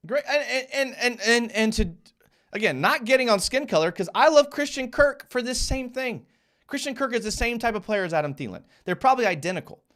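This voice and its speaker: A young man hosting a live fan show, giving casual football commentary over game film with animated, fired-up rants full of restarts. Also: high voice.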